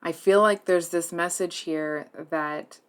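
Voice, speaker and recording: A woman giving a tarot reading to her viewers, speaking softly and hesitantly, earnest and emotionally moved, with many fillers and restarts. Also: on the low side, fairly even intonation, slow pace, clear, resonant tone. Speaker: tarot reader.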